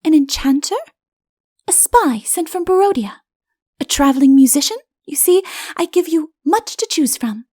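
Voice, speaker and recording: A high, sing-song young princess, gentle and playful, as a woman reading puts her on. Her voice leaps up and down lightly, soft and mellow rather than bright. It sounds close and dry, with no room around it. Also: animated, moderate pace, no room sound. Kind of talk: audiobook character voice.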